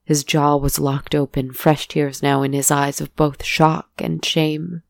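A woman narrating a story in a soft, deliberate way. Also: low voice, flat delivery, creaky, dry recording, clean studio sound.

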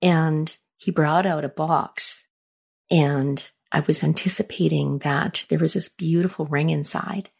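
Low gravelly chatty woman host. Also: fairly even intonation, unhurried, a little mellow. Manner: chatty, reflective, acts out quoted lines with a raised voice. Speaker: podcast host. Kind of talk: casual personal storytelling.

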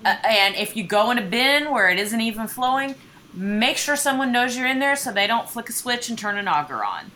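A woman's voice: on the high side, very animated, brisk, bright, forceful tone, slight background noise. A woman co-hosting a casual chat, talking bluntly with wry humor and firm warnings.

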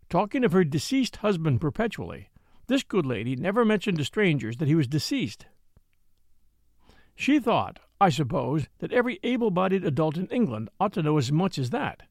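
A man reading a classic novel aloud in a wry, expressive storytelling manner, close to the mic. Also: fairly high pitch, no echo. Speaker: audiobook narrator.

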